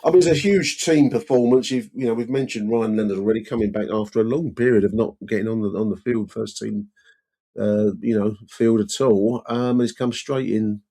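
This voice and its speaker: Mellow low-voiced bloke chatting football, laughs a lot, fillers everywhere. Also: male voice, a little fast. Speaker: podcast co-host. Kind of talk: casual football chat.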